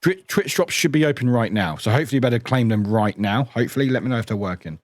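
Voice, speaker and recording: A man's voice: mid-range voice, lively intonation, fast talker, dry recording, clean studio sound. Chatty British streamer, young man, greets chat, bouncy intonation over faint music. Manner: chatty, greets viewers, laughs often. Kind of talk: casual live-stream chat.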